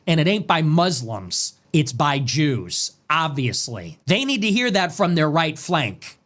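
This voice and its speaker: A man ranting on politics, angry and profane, and his pitch swings wildly from high jabs to low growls. Every line is hammered home with emphasis. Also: fairly bright tone. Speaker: political commentator. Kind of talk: heated political rant.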